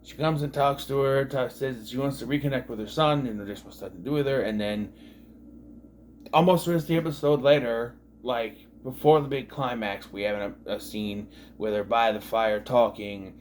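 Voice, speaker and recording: A man in his thirties talks through a TV episode in a loose, meandering way, tossing in sarcastic spoiler jokes and plenty of fillers. His voice sits at an ordinary middle pitch. A faint background hiss runs under the recording. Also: moderate pace. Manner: rambling and sarcastic, with many fillers and asides. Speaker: TV show reviewer. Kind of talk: casual recap commentary.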